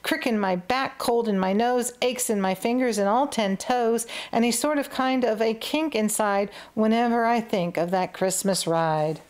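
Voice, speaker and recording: A woman reading aloud, voicing a weary old Santa who grumbles about his aches in a slow, tired drawl. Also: a little high, close to an everyday voice.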